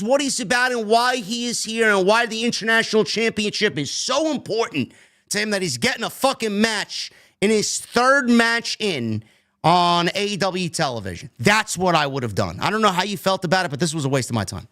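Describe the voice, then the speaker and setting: A fairly high-pitched man talks bluntly and with open exasperation, swearing as he goes. The sound is close and dry, with no room around it. He is reviewing the week's show as host. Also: fairly bright tone, no echo. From New York. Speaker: podcast host. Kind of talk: casual wrestling review chat.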